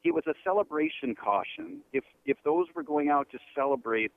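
A man on a radio show answering carefully, with a halting, joking way of talking. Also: on the high side, expressive, phone-quality sound. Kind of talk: casual radio chat.

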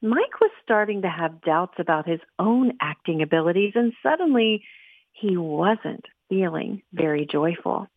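A woman radio host reading a storybook aloud in a lively, expressive way, over a dry, tinny phone-like sound. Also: fairly low pitch, a little slow, no echo.

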